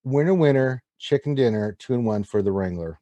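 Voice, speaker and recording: Jokey male co-host reading viewer notes aloud; mid-pitched, close dry mic. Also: animated, brisk, dark tone, no room sound, lo-fi sound. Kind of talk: casual gaming show banter.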